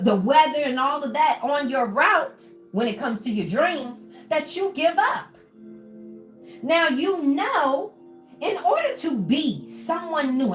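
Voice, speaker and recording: A woman preaches encouragement on a livestream, her high voice leaping up and down as she coaxes viewers and calls them baby. She sounds roomy and echoing, with faint music running behind her. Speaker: motivational coach on a livestream. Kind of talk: live-streamed motivational talk.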